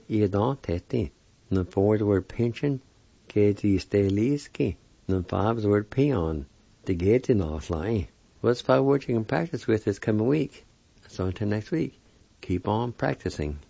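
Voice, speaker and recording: A man's voice: fairly low pitch, creaky, dark tone, dry recording, highs cut off. A man teaching a weekly language lesson, spelling and pronouncing words carefully syllable by syllable.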